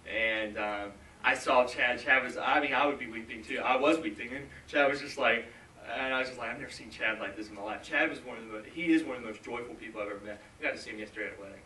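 A man in his twenties preaching a sermon and telling a personal story, earnest and halting, with many restarts and asides. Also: medium pitch, pushed and bright, roomy sound, recorded from a distance, a little hiss or hum, rough recording. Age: 20s. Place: large church hall.

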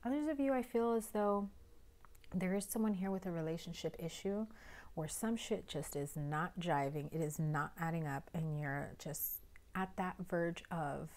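A hoarse woman recovering from illness, giving a casual tarot reading. She talks in a chatty way, often drops to a breathy half-whisper, and keeps clearing her throat. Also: lowish voice, normal speed, a little mellow. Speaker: tarot reader.

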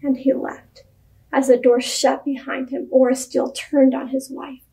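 Slow, high-voiced woman storyteller. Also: low-quality recording. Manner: clear, expressive read-aloud. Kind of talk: children's story reading.

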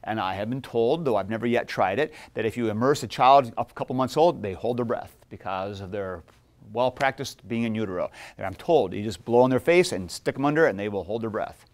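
A middle-aged man teaches a theology class in a classroom, speaking casually to his students. He tells stories with animation and drops jokes along the way, keeping a relaxed, conversational tone. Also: on the low side, brisk. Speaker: seminary professor.

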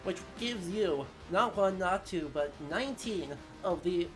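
An upbeat stream co-host talks casually into a desk mic, recapping the story so far and plugging subscriptions. The voice sits in a middle pitch, and faint music plays underneath. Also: animated, unhurried. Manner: chatty, upbeat, plugs the channel, recaps the story. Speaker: co-host of a history gaming stream. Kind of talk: casual live-stream chat.

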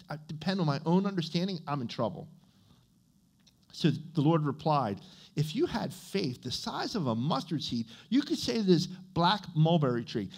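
Animated man preaching a sermon. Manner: conversational preaching with frequent "okay?" and "right?" checks; animated, with swings in pitch and loudness. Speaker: pastor. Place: church.

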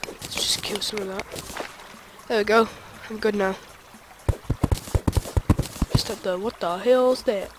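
A young adult gamer giving let's play commentary, excitable and talking to themself while playing. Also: medium pitch, takes it slowly, pauses often, noisy background. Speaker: gaming video creator.

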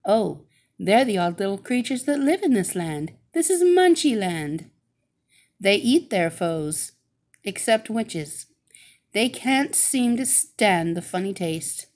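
A woman voicing a kindly good witch who explains things calmly and slowly in a storybook reading. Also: mid-range voice, full character voice.

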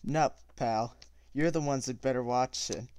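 A man reading aloud the lines of a drunk, sneering teenage bully, voicing them a bit louder than his narration. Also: medium pitch, unhurried, clear, resonant tone, no room sound, natural voice. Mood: taunting.

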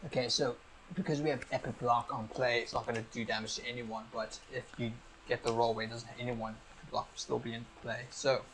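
A man running a tabletop game as game master on a live stream, walking through each rule step by step. His pitch sits mid-range and his delivery stays brisk and upbeat. A faint hiss of room noise runs under his voice. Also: little pitch movement, a bit bright, rough recording.

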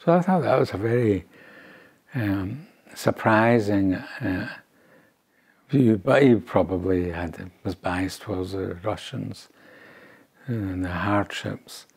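An older man from Scotland telling a family story in an oral history interview, halting and rambling with frequent restarts. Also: on the low side, vocal fry, a little mellow, slightly rough.

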